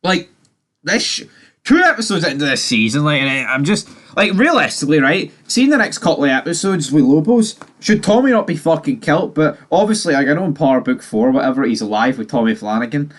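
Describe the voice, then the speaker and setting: A man giving a casual spoken recap of a TV season, ranting animatedly and swearing a lot. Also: fairly quick. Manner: animated, sweary ranting with sudden jumps in pitch. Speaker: TV review host.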